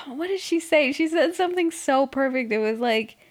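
A woman's voice: high voice, animated, normal speed. A young woman hosting a casual podcast, sarcastically recapping a reality show with frequent swearing and laughter. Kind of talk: casual chat.

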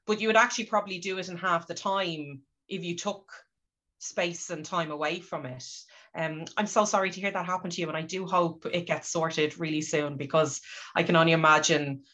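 Low-toned woman podcast host. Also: fairly even intonation, a little fast, a bit bright. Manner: supportive, asks open questions. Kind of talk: interviewing.

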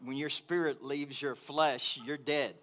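A man preaching to his congregation, telling a personal story in an animated way that grows loud and high when he gets excited. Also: measured pace. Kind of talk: sermon storytelling.

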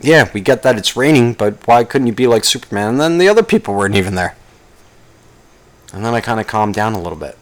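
A man's voice: sing-song, fast. Profane rambling young man ranting. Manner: profane, rambling, jumps into mocking high-pitched impressions. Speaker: vlogger. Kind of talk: casual rant to camera.

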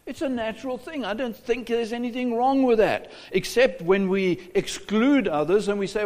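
A man's voice: high voice, moderate pace, hardly any pauses, darkish tone, in a large hall. A South African man preaching a sermon as a pastor, asking rhetorical questions and often repeating his words.

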